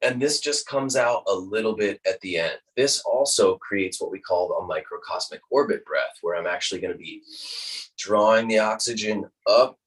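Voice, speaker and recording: A man teaching a guided breathing lesson, calm and instructive, demonstrating each breath aloud. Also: lowish voice, normal speed, breathy edge, recorded from a distance, rough recording.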